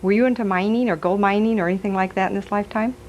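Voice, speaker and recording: A woman's voice: mid-range voice, steady tone, very fast, low-quality recording. A woman giving a live stage reading as a psychic medium, chatty and giggly, passing on messages aloud.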